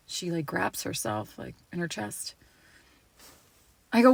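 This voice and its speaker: A woman casually telling a personal story to camera, animated and laughing, acting out the voices of the people in it. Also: lowish voice, a little slow, creaky, pauses often, no echo.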